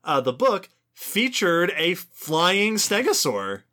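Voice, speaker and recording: A man co-hosts an educational podcast, explaining with lively enthusiasm. His voice is bright and forward. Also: high-pitched, slow pace. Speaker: podcast co-host. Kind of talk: educational casual chat.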